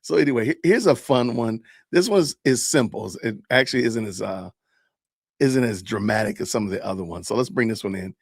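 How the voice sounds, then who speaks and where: A man's voice: lowish voice, fairly quick, creaky, no echo, studio quality. A middle-aged man hosting a live stream, chatting animatedly and laughing often as he reacts to videos. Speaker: podcast host. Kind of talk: live-stream commentary on body cam videos.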